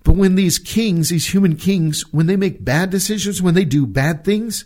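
A man preaching a sermon, from the United States, earnest, repeating words and slowing down to stress key phrases. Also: sits high, darkish tone. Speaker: pastor.

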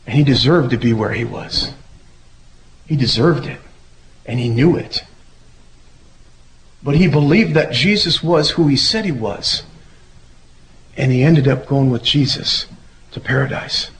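A man giving a relaxed, conversational sermon who acts out the voices he quotes. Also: medium pitch, slight background noise, poor audio. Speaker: preacher. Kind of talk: casual sermon.

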